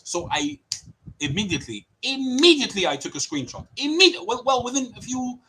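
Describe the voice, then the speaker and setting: A man's voice: high voice, sing-song, a little fast, fairly bright tone, a little hiss or hum, low-quality recording. A man presenting evidence in a heated online debate, passionate and indignant as he speaks. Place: lives in Greece.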